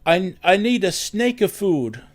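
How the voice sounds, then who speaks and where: A man imitating an older male customer with a heavy, Italian-sounding accent who speaks haltingly. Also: high voice, very animated, voice pushed up. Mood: insistent, puzzled. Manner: halting, questioning, hesitant.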